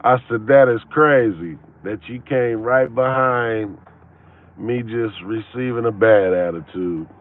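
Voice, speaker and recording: A man's voice: medium pitch, takes it slowly, phone-quality sound. A man vlogging from his car, rambling through a casual story with many fillers, putting on voices for the people he quotes. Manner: acts out quoted people with a lifted voice. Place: in and around a parked car.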